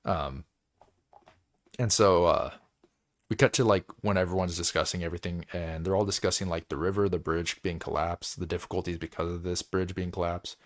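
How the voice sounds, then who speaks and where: A man's voice: low-pitched, fairly even intonation, moderate pace. A man hosting a book club, recapping chapters in a loose, rambling way, with lots of filler words and frequent laughs.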